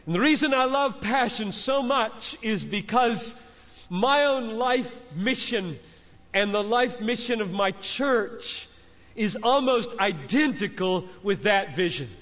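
A middle-aged man preaches from a stage in a fervent, exhorting way, driving points home through repetition. His voice sits high and he takes his time. The sound is dull and muffled, with a long reverb tail from a large hall. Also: animated, takes it slowly, fairly bright tone. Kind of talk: sermon.

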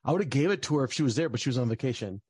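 A man's voice: medium pitch, expressive, very fast, a little mellow, breathy edge, dry recording. Young man, casual storytelling, rambling with fillers, dry close sound. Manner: rambling, many fillers, gets heated and swears. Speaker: guest telling a personal story.

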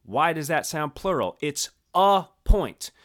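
Animated bright-voiced male sports co-host. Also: a little high, slow pace. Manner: animated, playful storytelling. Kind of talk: casual sports talk.

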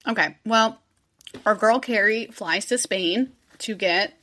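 A woman's voice: medium pitch, slow pace, sharp tone. A woman hosting a casual podcast, telling a true-crime story in a chatty way, swearing and acting out quotes.

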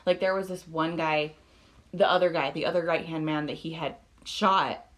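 A woman's voice: low voice, fairly even intonation, normal speed. A woman co-hosting a podcast, casually recounting a crime story with lots of fillers and frank swearing. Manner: filler-heavy, swears freely, laughs often. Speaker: podcast co-host. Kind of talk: casual true-crime chat.

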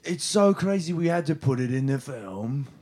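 A man's voice: medium pitch, moderate pace, husky. Brief: male improviser as straight-faced themed-hotel staffer spinning wild stories. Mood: deadpan. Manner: deadpan, tells tall tales with a straight face. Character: deadpan male hotel worker in pirate character. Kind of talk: improvised comedy podcast.

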